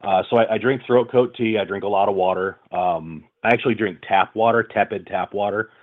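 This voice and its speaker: A man's voice: fairly low pitch, brisk. A man who works as a voice-over artist, talking casually in an interview with many fillers and restarts. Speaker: voice-over artist, audiobook narrator. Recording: tinny phone-like line.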